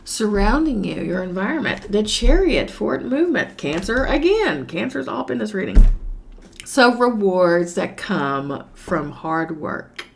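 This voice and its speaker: A woman's voice: mid-range voice, very animated, a little slow, gravelly, slight background noise. A woman giving a casual tarot reading while sick with a cold, talking in a chatty, sassy way and swearing now and then. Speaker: tarot reader.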